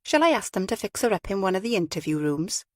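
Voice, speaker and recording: A woman voicing a young female detective sergeant who speaks briskly and eagerly. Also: medium pitch, very animated, darkish tone, no room sound, studio quality, natural voice.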